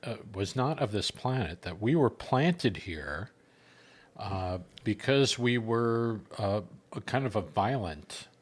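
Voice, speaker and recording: A man's voice: fairly low pitch, expressive. A man co-hosting a paranormal chat show, talking casually with lots of hesitant fillers. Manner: hesitant, halting with many fillers. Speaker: podcast co-host.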